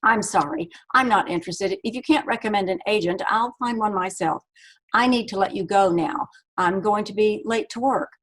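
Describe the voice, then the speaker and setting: A woman's voice: mid-range voice, moderate pace, a bit bright, close to an everyday voice. A woman voicing a weary, curt woman in a storybook reading, with clipped, dismissive replies.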